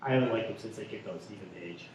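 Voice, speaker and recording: A man co-hosting a casual radio show, tossing in dry, deadpan wisecracks. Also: on the low side, quick pace. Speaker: co-host. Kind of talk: casual banter. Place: pub. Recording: echoey pub room from far off. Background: faint room noise.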